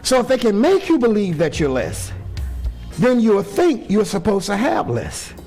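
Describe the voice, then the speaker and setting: A high-voiced man preaches an impassioned sermon in a church. He calls out to the congregation and draws answers back from the pews, with faint music underneath. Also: wildly swooping pitch, normal speed, darkish tone. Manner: impassioned, call-and-response with congregation. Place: church sanctuary.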